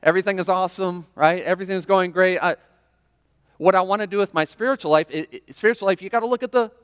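A man's voice: sits high, quick pace, smooth. Conversational male preacher in a reverberant church. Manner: conversational preaching with frequent "right?" and audience questions. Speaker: pastor. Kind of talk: sermon. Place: church sanctuary. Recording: long reverb of a large hall.

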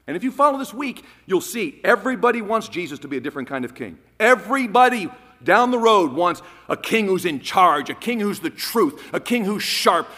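Pastor, man, sermon delivery; emphatic, drops to a hush, pitch swings widely. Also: big-room sound. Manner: emphatic, swinging from loud declarations to hushed phrases.

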